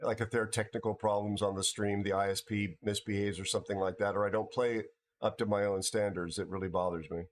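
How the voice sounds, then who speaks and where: A man's voice: fairly low pitch, flat delivery, fast talker, a little hiss or hum. A tired man hosting a livestream, chatting casually with viewers and often stumbling over and repeating his words. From United States. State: tired from no sleep. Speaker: livestream host.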